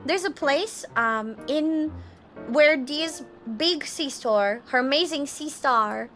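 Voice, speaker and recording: Faint music sits behind this livestream host as she talks slowly in a high, fairly bright voice. Giggling often, she tells bubbly stories in casual chat and calls herself by the third person.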